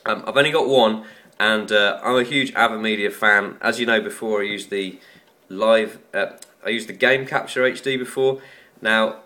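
Chatty man with a bright voice. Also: fairly low pitch, moderate pace. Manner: rambling, chatty and self-mocking. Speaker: tech YouTuber. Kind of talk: casual unboxing vlog.

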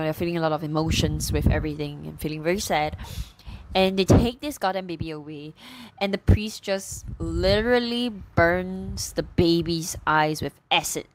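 A woman in a casual book chat who retells the story in a rambling, excitable way, tripping over fillers. Her voice sits fairly low for a woman. Faint clicks can be heard in the background. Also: slight background noise, low-quality recording. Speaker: book reviewer.

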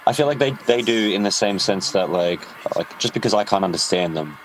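Very deep-voiced halting male guest. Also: lively intonation, a little hiss or hum, poor audio. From Australia. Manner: halting, restarts a lot, swears, impassioned. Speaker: podcast guest, musician. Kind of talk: casual podcast interview chat.

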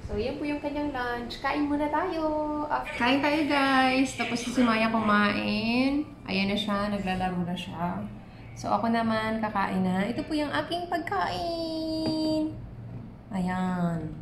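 A woman's voice: a little high, steady tone, measured pace. A young Filipino mother with a Filipino accent vlogging at home, chatting to viewers and playing baby-talk games with her toddler. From Philippines. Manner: switches between talking to viewers and playful baby talk to a toddler. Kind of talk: casual home vlog. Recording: echoey room with clear background noise.

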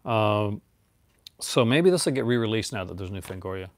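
Gravelly low-voiced man chatting. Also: lively intonation, normal speed, no room sound. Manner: rambling, enthusiastic, laughs often. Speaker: host showing his movie collection. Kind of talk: casual chat.

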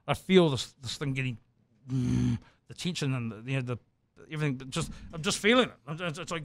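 A man with a New Zealand accent, a podcast host telling a comic anecdote in an animated, laughing way. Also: mid-range voice, quick pace, no room sound. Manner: animated storyteller, laughing through his tale. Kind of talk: comedic anecdote.

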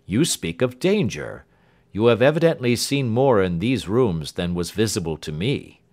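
A man's voice: on the low side, lively intonation, normal speed, a little mellow, close to an everyday voice. A man reading an audiobook who voices an earnest, loyal Victorian male doctor asking plain questions. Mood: questioning.

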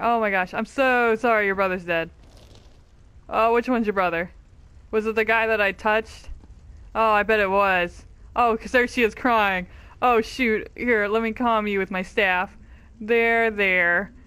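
A woman's voice: mid-range voice, fairly even intonation, normal speed, a bit bright, clean tone, no echo. A woman giving casual, bubbly and self-mocking commentary while playing an online game. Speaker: gaming youtuber.

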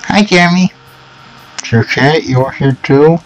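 A man's voice: a little high, unhurried, pitched above the performer's own voice, natural voice, low-quality recording. A man putting on a teasing, bubbly girlfriend voice. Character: cheerful teenage girl girlfriend, teasing and pushy.

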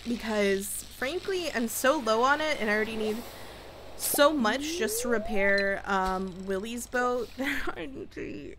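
A woman's voice: fairly high pitch, lively intonation, measured pace, noisy background. A young woman giving playful, chatty commentary while playing a farming game, talking to herself and her viewers. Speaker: gaming youtuber. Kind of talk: casual let's-play commentary.

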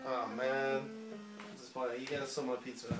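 A young man bantering excitably and cursing while playing a retro video game. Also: medium pitch, a little fast, echoey room. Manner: excitable, profane, sings along. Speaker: let's play gamer. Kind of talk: casual gameplay banter. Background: faint game music.

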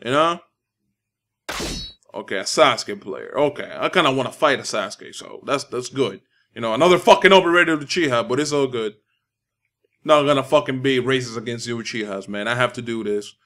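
Young male gamer, swings his pitch up and down, profane trash-talk commentary. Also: fairly quick. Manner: profane, trash-talking, animated reactions. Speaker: gaming commentator. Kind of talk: live gameplay commentary. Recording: loud game music behind. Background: game music.

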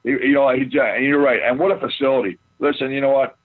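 A man, a former football player, telling rambling, animated stories as an interview guest, with many restarts. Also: mid-range voice, fast talker. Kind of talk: casual storytelling interview. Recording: tinny phone line.

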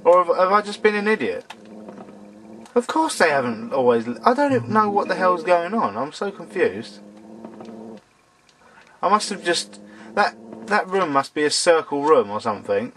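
A man playing through a game and narrating as he goes, his pitch slightly high and leaping all over the place as he cries out and swears at the screen. He sounds a bit hoarse from losing his voice, with a faint noise floor in the recording. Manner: excitable, swearing, talks to game characters. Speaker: let's player. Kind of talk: gameplay commentary.

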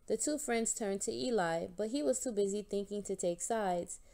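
Woman narrator for a kids' read-aloud, steady and clear, mid pitch. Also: normal speed. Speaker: storybook reader. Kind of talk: reading a picture book aloud.

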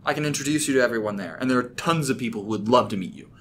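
A man's voice: medium pitch, animated, racing, a bit bright, a little hiss or hum, lightly acted. A man reading a horror story, voicing a friendly, pushy male college student with a good-natured, persuasive manner in a raised voice. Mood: upbeat.

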